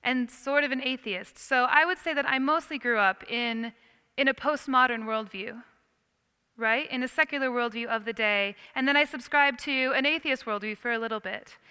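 A woman giving a lively Christian lecture on worldviews, questioning her audience as she teaches. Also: a little high, moderate pace, smooth. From United States. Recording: long hall reverb.

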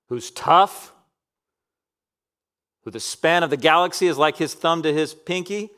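A man in his thirties preaching a sermon, swinging from loud emphatic peaks down to soft, near-whispered passages. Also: mid-range voice, a little slow, long pauses.

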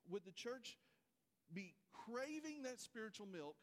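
A man's voice: high voice, expressive, unhurried, big-room sound. A man preaching a folksy sermon, speaking straight to his congregation. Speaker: pastor. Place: church sanctuary.

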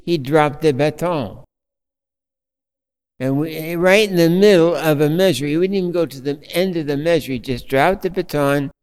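A man preaching a sermon as a priest, telling a story slowly with fillers and restarts. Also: on the high side, darkish tone, smooth, long reverb tail.

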